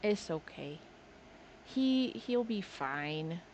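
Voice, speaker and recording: A woman's voice: fairly low pitch, animated, extremely slow, a little mellow, slight background noise. A woman game streamer chatting casually, talking playfully and doting on her pet at her desk, into a desk microphone. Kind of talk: casual live-stream chat. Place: home desk indoors.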